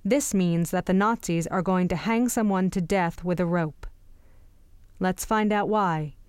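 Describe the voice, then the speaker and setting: Clear-voiced woman teacher summarizing. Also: on the low side, measured pace, a little mellow, no room sound. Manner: clear, explanatory, guiding. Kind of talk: lesson summary.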